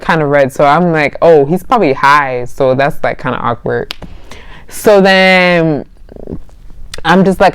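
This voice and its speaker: A woman's voice: low voice, smooth, dry recording. A young woman vlogger casually telling a dating story, chatty and laughing often as she acts out both sides of the conversation.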